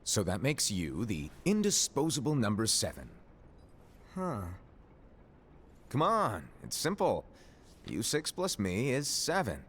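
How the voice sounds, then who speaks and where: A man's voice: medium pitch, wildly swooping pitch, slow, pauses often, fairly bright tone, husky, heavily acted. An actor playing a playful, mischievous male mentor in a game cutscene, teasing and coaxing his apprentice.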